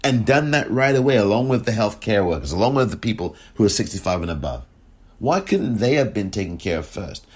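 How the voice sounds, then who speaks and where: A man's voice: lowish voice, animated, a little fast, a little mellow, breathy edge. A man hosting a podcast, delivering impassioned, indignant opinion commentary full of rhetorical questions. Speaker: podcast host.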